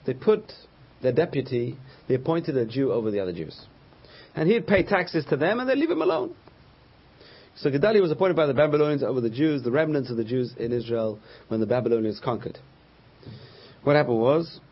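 A man's voice: mid-range voice, big pitch swings, brisk, pauses often, husky, lo-fi sound. A man teaching a Torah class as a rabbi, telling stories and acting out the voices of the people in them. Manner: storytelling, acts out quoted voices.

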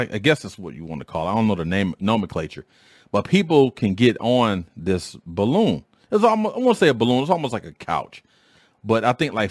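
Middle-aged male podcast host, lowish voice, dry close sound, animated slangy storyteller. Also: no room sound. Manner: animated, slangy storytelling with big pitch jumps when quoting himself. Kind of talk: casual storytelling monologue.

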